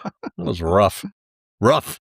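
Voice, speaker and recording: A man hosts a podcast in a relaxed, joking way, laughing often as he tells old jokes. His voice swings up and down lively in pitch. The sound is dry and close. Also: extremely slow, vocal fry, slightly rough, no room sound. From North Carolina. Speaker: podcast host. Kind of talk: casual chat.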